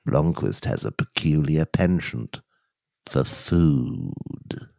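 A man voicing a pompous male would-be gladiator who speaks of himself in the third person, slow and grand. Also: rumbling low, very animated, vocal fry, a little mellow, no echo, clean studio sound, pitched below the performer's own voice, exaggerated voice. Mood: grandiose. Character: pompous male aerial-ace gladiator hopeful.

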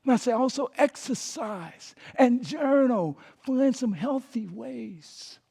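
High-voiced preaching pastor, dynamic. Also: male voice, lively intonation, takes it slowly, vocal fry, breathy edge. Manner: preaching with call-and-response prompts to the congregation; dynamic, swings from loud emphasis to hushed soft delivery. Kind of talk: sermon.

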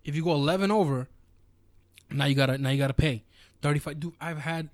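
A New man talks quickly and a bit high, spinning animated stories and swearing freely. His voice sits close and dry on the mic, with no room around it. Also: no room sound. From New York. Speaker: podcast co-host. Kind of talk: casual chat.

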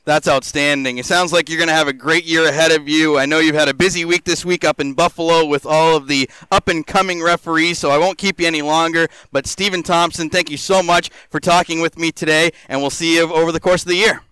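A man's voice: fairly high pitch, fairly even intonation, fairly quick, hardly any pauses, bright, forceful tone, smooth, no echo, poor audio. A man hosting a hockey podcast, interviewing a guest in an upbeat, polished way. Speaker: podcast host.

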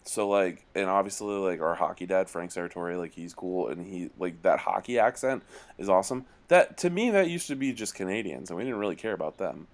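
A man's voice: low-pitched, lively intonation, fairly quick. A man co-hosting a podcast in casual chat, rambling and joking, now and then slipping into put-on accents. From Northeast US. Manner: rambling, joking, puts on accents mid-story. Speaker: podcast co-host.

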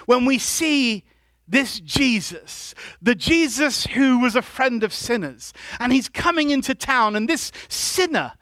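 A male pastor with a very high, bright and forceful voice delivers a sermon in a church. He keeps calling on the congregation to answer back and pushes up to loud, emphatic shouts. The sound is dry and close, with almost no room echo. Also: lively intonation, slow. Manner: preaching with call-and-response to the congregation.

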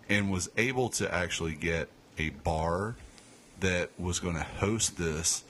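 Man, podcast host, casual storytelling, rambling, swears, restarts, lowish voice, faint background noise. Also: a bit bright. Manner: rambling and profane, with many restarts.

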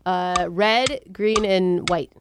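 A woman's voice: lowish voice, drawn-out words, heavy background noise. A woman co-hosting a morning radio show, chatting candidly with self-deprecating humor. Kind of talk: casual radio banter.

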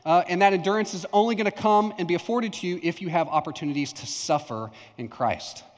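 A man's voice: high voice, a little fast. A young adult male pastor from Texas preaching a conversational sermon, telling a personal story and acting out remembered lines. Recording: long hall reverb.

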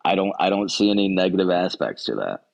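A man with a low voice trades dry jokes on a casual movie podcast. He stammers through restarts and repeats words before landing a quip. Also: big pitch swings, fast, vocal fry. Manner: wry, joking, stammers on restarts. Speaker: podcast co-host.

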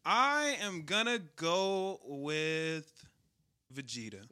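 A man's voice: a little high, big pitch swings, extremely slow, pushed and bright, smooth, no room sound, studio quality. A young man hosting a casual chat in an easygoing way, often repeating his points for emphasis.

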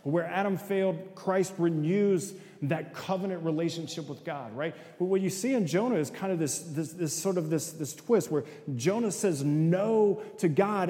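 A middle-aged man with a slightly high, dark-toned voice gives a sermon-style talk in an echoey hall with long reverb. He tells stories, acts out voices in quotes, and keeps asking the audience "right?".

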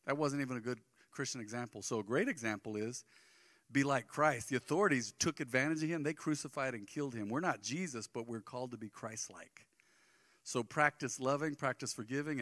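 Bright-voiced man preaching. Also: medium pitch, a little fast, no echo, clean studio sound. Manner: animated storytelling, acting out the people he quotes. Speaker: pastor. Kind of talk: sermon.

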